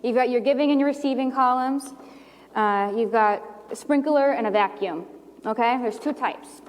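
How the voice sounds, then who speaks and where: A woman explaining a point during a church sermon, easygoing and plainspoken. Her voice sits a little high. A long reverb from the sanctuary trails her words. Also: normal speed. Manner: casual, explanatory, walking about the stage. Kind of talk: sermon teaching.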